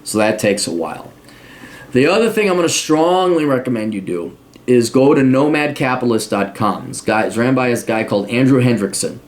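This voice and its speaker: A middle-aged man talking casually and bluntly as a podcast host, swearing freely and jumping into high mocking voices when he quotes people. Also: animated, a little fast. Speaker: podcast host answering a listener request. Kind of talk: casual monologue.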